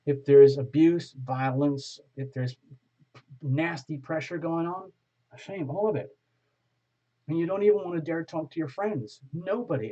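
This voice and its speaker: A man giving a casual online tarot reading, gently coaxing the listener and slowing down to read passages aloud. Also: fairly high pitch. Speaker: tarot reader. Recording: slightly dull lo-fi audio.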